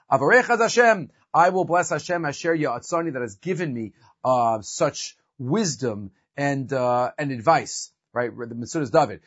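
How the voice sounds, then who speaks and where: A man's voice: mid-range voice, slightly rough, muffled recording. A man teaching a religious lesson, explaining and translating verses and often asking "right?". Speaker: Torah teacher.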